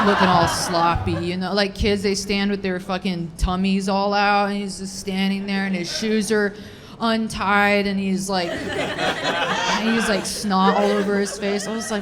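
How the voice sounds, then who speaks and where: A woman in her thirties works a comedy club stage with a deadpan, rambling delivery full of crude self-mockery. Her voice sits at an everyday middle pitch. A steady low rumble runs under the live recording. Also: moderate pace. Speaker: stand-up comedian. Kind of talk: stand-up comedy set.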